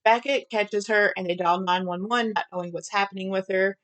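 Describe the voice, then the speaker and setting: Her voice is medium-pitched, steady, fairly bright and a little fast. She's a Southern woman co-hosting a podcast, frankly and profanely summarizing a romance novel's plot with giggles in casual book chat.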